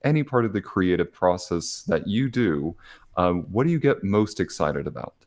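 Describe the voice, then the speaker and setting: A man hosting a podcast, asking a question with hesitant pauses and fillers. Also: low-pitched, animated, darkish tone. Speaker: podcast host.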